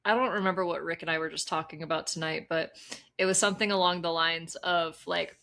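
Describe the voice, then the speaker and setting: Bright-voiced woman in casual podcast chat. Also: fairly low pitch, brisk, creaky. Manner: animated, laughing, swears freely. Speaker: podcast co-host.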